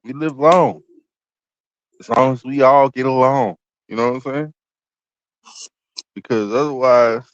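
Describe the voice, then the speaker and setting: A man's voice: medium pitch, no room sound, muffled recording. Joking, profane man in casual banter. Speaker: podcast co-host.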